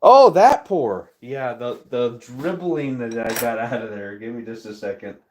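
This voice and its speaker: A man's voice: medium pitch, fairly even intonation, background noise. A man hosting a casual livestream, chatting to viewers in an easygoing way while he works at his furnace and reads comments. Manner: slow, easygoing, talks to chat while working. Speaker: livestream host.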